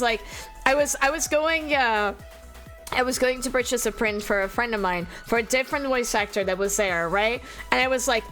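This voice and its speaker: A woman's voice: high voice, fairly bright tone. A young adult woman streaming and chatting casually, rambling and giggling often while teary and emotional. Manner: giggly, rambling, self-deprecating.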